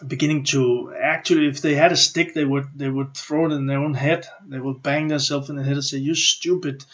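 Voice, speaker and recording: A middle-aged man with a Danish accent gives a motivational coaching lesson. He talks in an animated way, acts out inner thoughts and often restarts his sentences. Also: medium pitch, brisk. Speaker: business and personal development coach. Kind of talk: motivational teaching talk. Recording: slightly muffled lo-fi audio.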